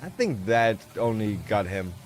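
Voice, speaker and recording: A man's voice: on the low side, expressive, measured pace, a little hiss or hum. A man hosting a livestream, chatting casually and bluntly while paraphrasing a video, swearing and laughing now and then. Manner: narrates and paraphrases the clip. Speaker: livestream host.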